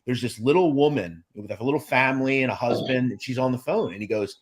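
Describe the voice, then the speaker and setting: A man's voice: mid-range voice, quick pace. A man talking frankly and casually in an online chat, retelling stories and admitting his mistakes. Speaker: guest.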